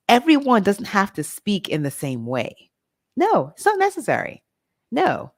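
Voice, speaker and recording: A woman's voice: mid-range voice, huge pitch swings, a little slow, dry recording, studio quality. A middle-aged woman from Nigeria, talking candidly and directly to her listeners in a reflective personal monologue. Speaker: vlog host.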